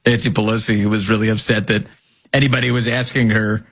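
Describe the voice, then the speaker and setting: Man, political commentary host, husky voice, sarcastic and mocking. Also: fairly low pitch, flat delivery, quick pace, a bit bright. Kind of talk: commentary reading news and clips.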